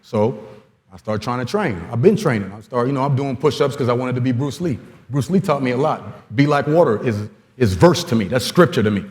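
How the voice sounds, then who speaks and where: A man in his forties giving an animated storytelling talk at a coaching conference, acting out quoted dialogue as he goes. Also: mid-range voice, fairly quick. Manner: lively storyteller who acts out quoted dialogue. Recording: long hall reverb.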